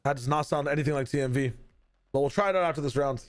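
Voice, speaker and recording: A man's voice: on the high side, fast. A young man co-casting a match on stream, joking sarcastically and swearing casually. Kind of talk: casual costream commentary.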